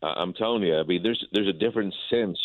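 Male baseball broadcaster phoning in, deep voice, tinny phone audio, loose chatty delivery full of restarts. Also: quick pace, dry recording. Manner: repetitive, stumbling restarts. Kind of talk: casual sports talk by phone.

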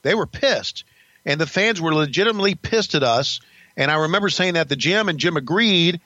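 A man's voice: fairly high pitch, expressive, brisk, pushed and bright, no echo, muffled recording. An older man, a podcast host, telling stories about his career in a blunt, profane, rambling casual way. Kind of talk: casual storytelling.

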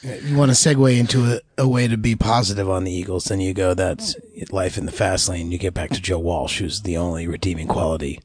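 A man's voice: low voice, brisk, few pauses, darkish tone. A man co-hosting a casual podcast chat, joking and rambling with frequent restarts. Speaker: podcast co-host.

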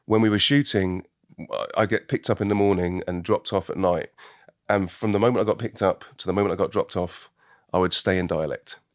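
A man's voice: sits low, fairly even intonation, a little fast, dry recording, clean studio sound. A British actor in a casual interview, reflective and laughing easily, often restarting his sentences. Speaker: actor, guest.

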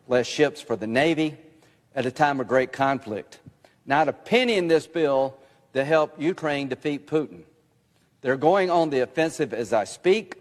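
A man's voice: mid-range voice, long reverb tail. A man giving a political speech in an insistent tone, played back as a clip.

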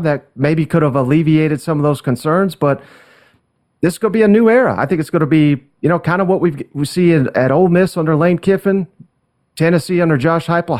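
Brief: male guest analyst, a bit high-pitched, measured and thoughtful. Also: a little mellow. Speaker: podcast host and guest. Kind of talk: sports talk radio analysis.

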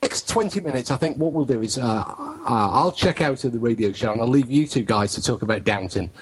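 Husky guy hosting a radio show, cracks jokes, trips over his words a lot. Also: medium pitch, expressive, brisk, poor audio. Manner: joking, rambling with restarts. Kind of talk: live internet radio chat.

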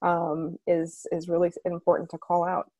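Lively woman guest, dry sound. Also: lowish voice, moderate pace, no room sound. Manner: lively, many "you know" fillers. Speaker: interview guest. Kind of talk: casual interview.

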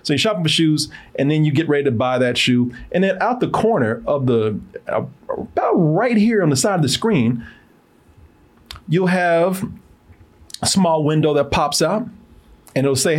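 A man with a somewhat higher voice walks through a sponsor read in a loose, easygoing way. His talk is relaxed and conversational and sprinkled with slang. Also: moderate pace. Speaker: host.

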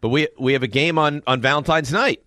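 A man's voice: fairly high pitch, a little fast, no echo, studio quality. A man co-hosting a casual chat, telling self-mocking stories about coaching a youth basketball team. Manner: animated, self-mocking storytelling.

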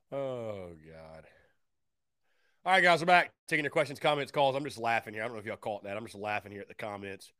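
A man's voice: mid-range voice, expressive, fairly quick, pauses often, pushed and bright, dry recording, studio quality. Upbeat male sports talk host. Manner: upbeat, repeats phrases for emphasis. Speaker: sports radio show host.

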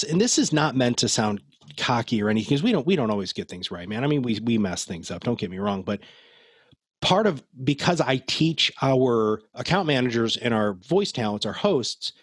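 A man's voice: mid-range voice, breathy edge, dry recording. A man speaking as a guest in a casual podcast interview, chatty and laughing as he tells stories. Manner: chatty, laughing, many fillers and restarts. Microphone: headphones and studio mic.

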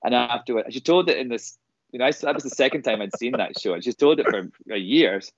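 A man's voice: medium pitch, fast, no room sound, muffled recording. A man, a singer and performer, telling showbiz anecdotes in casual chat and quoting people in other voices.

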